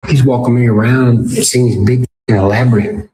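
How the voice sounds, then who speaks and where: A man with a medium-pitched voice speaks at a moderate pace as a podcast guest, animatedly telling casual stories and acting out other people's lines in quotes. A crowd can be heard behind him, and the recording sounds roomy with clear background noise.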